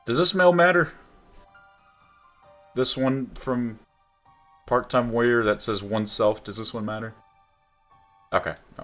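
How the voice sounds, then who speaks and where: A man's voice: medium pitch, fairly even intonation, unhurried, pauses often, a bit bright, faint music behind. A young man at his home streaming setup, talking into a desk mic and reading game messages aloud during live commentary. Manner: reads game text aloud, chuckling often. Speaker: streamer playing a visual novel. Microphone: desk microphone.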